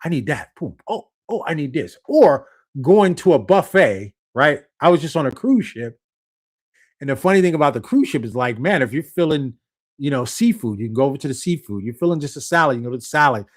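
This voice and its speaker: A man's voice: medium pitch, expressive, fairly quick. Chatty man hosting a live stream. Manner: chatty, repeats himself and keeps checking in with the audience. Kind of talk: casual live-stream talk to viewers.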